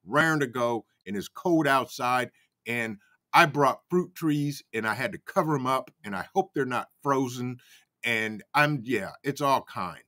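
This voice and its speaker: A man's voice: medium pitch, measured pace, pushed and bright. A man hosting a casual livestream, fired up and greeting chat viewers by name. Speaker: livestream host. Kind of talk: casual live-chat commentary.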